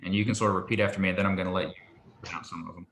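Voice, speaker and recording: Low-voiced man tutoring Hebrew. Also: rapid-fire, slight background noise. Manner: relaxed, hesitant, many ums. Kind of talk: patient one-on-one language lesson. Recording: echoey room with faint ambience.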